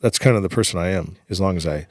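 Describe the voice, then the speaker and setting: A man's voice: low-pitched, fast talker, no room sound. A man, a podcast guest, telling his story in casual chat, swearing freely and acting out the lines of people in it. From United States. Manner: profane, animated retelling full of quoted dialogue.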